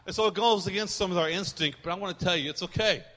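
A man preaching a sermon in a large church, fervent and emphatic, sometimes rising to shouts. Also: high-pitched, quick pace. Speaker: pastor. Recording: long reverb of a church hall.

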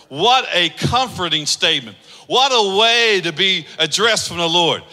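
High, bright-voiced male preacher in a reverberant hall. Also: lively intonation, normal speed, few pauses. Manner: emphatic, leads the congregation in reading aloud. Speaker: pastor. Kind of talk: sermon.

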